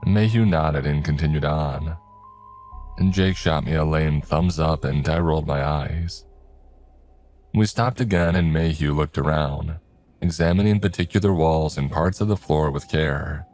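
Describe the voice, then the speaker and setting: A man reading a horror story aloud in a steady first-person narration. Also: extremely low pitch, unhurried. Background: faint music.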